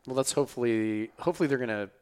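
A man's voice: medium pitch, rapid-fire, a little mellow, clear, resonant tone. A podcast host chatting loosely and rambling, swearing casually, his voice worn from an earlier recording. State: losing his voice. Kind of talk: casual chat.

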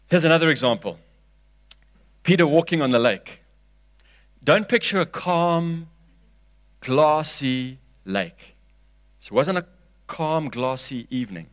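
A man preaching a sermon, reading scripture aloud with expression and swinging from loud, emphatic lines to hushed ones. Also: medium pitch, dry recording.

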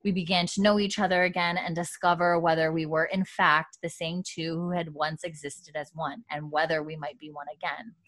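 A woman with a slightly low voice tells a story in relaxed casual chat. She often laughs and acts out what the characters say. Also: moderate pace, hardly any pauses. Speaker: podcast co-host recapping a TV episode.

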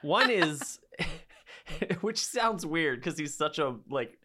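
A woman co-hosts a casual podcast chat, speaking slowly but animatedly in a pushed, bright voice. She's enthusiastic and likes acting out quotes in a raised, high voice.

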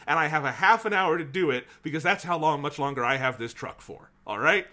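Bright-voiced man telling a story. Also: a little high, a little fast, few pauses. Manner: animated, swears freely. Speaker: podcast host. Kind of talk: casual storytelling.

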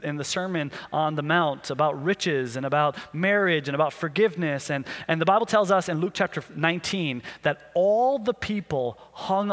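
A man preaching a sermon as pastor, telling the story in an animated way and acting out the questions people ask. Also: on the high side, big-room sound.

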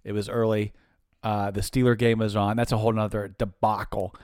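A man in his forties telling a family story in casual chat, with quick asides and jokes. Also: fairly low pitch, little pitch movement, a little mellow, dry recording, clean studio sound.

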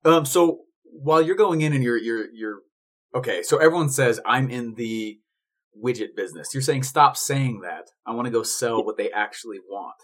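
A man's voice: mid-range voice, expressive, moderate pace, a bit bright. A man hosting a podcast interview, summing up his guest's points aloud while he takes notes. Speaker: podcast host.

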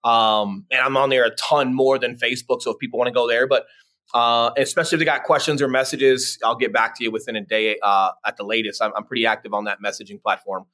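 A man's voice: medium pitch, steady tone, fast talker, pushed and bright. A middle-aged man from Colorado, a real estate agent and podcast guest, telling his story in a laid-back way and often saying "man" and "dude". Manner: laid-back, says "man" and "dude" a lot, many fillers. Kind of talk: casual interview storytelling.

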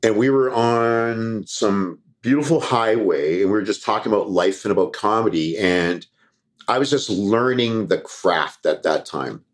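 A man with a fairly low voice tells stories from his years as a reporter in a relaxed interview. He is middle-aged and from Canada. He acts out the other people in his stories as he goes. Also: measured pace. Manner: animated storyteller acting out quoted dialogue. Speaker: guest, former TV reporter and comedian. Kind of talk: casual storytelling interview.

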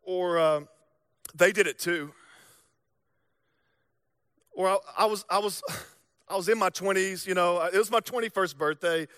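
A young man preaching a sermon, telling stories and acting out voices, swinging from loud to hushed. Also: high voice, brisk, clean tone, no room sound, studio quality. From American South. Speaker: pastor.

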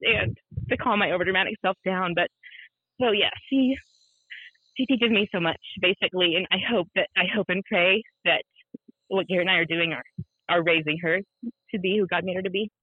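A woman's voice: fairly low pitch, fairly quick, no echo. Woman in her 30s, chatty podcast guest, narrow phone-line sound. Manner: animated, self-deprecating, laughs often, many fillers. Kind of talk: casual storytelling on a podcast. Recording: thin phone-like sound, dry.

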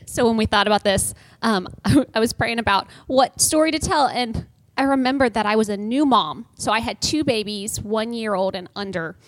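A woman's voice: a little high, moderate pace, dry recording. A woman on a podcast telling a humorous, self-deprecating personal story in a casual way. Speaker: podcast guest.

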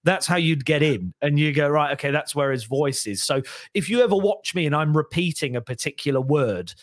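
A man's voice: fairly high pitch, fairly quick, dry recording, clean studio sound. A man, a comedian and impressionist, chatting on a podcast and slipping into voices as he talks. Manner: lively storyteller, slips into voices mid-sentence. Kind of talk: casual podcast chat.

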